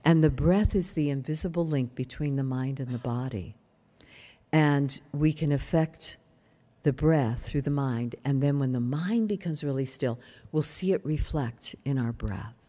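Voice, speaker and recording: An older woman teaching a yoga workshop in a calm, explanatory way, often asking her listeners questions. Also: extremely low pitch, unhurried. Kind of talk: workshop lecture. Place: retreat workshop room.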